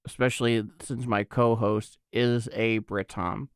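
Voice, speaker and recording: A man hosts a podcast in a relaxed, easygoing way, working out his thoughts as he talks. His voice is smooth and resonant at a mid pitch, with a dry, close sound. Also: a little slow, no echo. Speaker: podcast host. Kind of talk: casual podcast chat.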